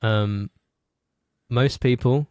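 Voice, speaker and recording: A man's voice: medium pitch, very slow, darkish tone, no room sound. A man co-hosting a podcast in casual chat, needling the others with jokey mock-grave remarks. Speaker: podcast co-host.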